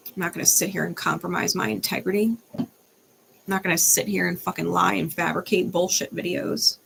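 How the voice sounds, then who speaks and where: A woman's voice: fairly low pitch, fairly even intonation, brisk, creaky, background noise. A young adult woman, a tarot reader, ranting in a blunt, fired-up way and swearing freely. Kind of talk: unscripted ranting monologue.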